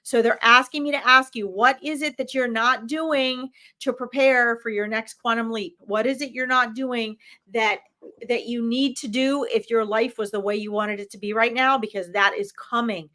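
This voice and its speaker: Woman doing live psychic readings on a stream, a bit high voiced, blunt and emphatic, lots of um and okay?. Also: pushed and bright. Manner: direct, emphatic, with many fillers and "okay?" check-ins.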